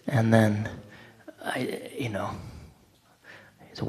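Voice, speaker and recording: A man with a gravelly, creaky voice tells a story in a loose, conversational way. He is animated, acting out what others said with filler words in between. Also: on the low side, unhurried, pauses often. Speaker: devotee speaker. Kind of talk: anecdotal storytelling talk.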